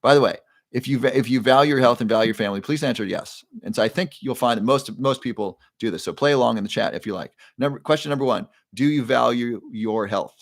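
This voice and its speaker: A man's voice: mid-range voice, quick pace, no echo, studio quality. A man hosting a live online show, leading viewers through a breathing exercise in an upbeat, chatty way that keeps prompting the audience.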